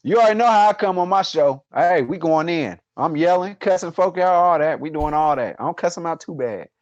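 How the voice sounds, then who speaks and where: Joking high-voiced male guest host, boisterous and laughing, dry close sound. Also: lively intonation, brisk, dry recording, muffled recording. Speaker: podcast guest, fellow show host. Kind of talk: casual podcast banter.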